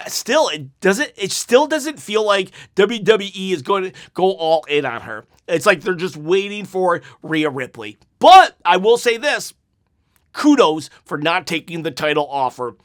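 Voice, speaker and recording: A man's voice: high-pitched, a bit bright. A young man hosting a wrestling talk show, giving casual, opinionated commentary and reading out viewer comments. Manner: chatty, opinionated, restarts and laughs.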